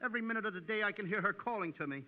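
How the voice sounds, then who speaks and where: A male comedian in a 1940s radio comedy, talking in a high, whiny, childlike way. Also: rapid-fire. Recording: noisy lo-fi 1940s radio broadcast.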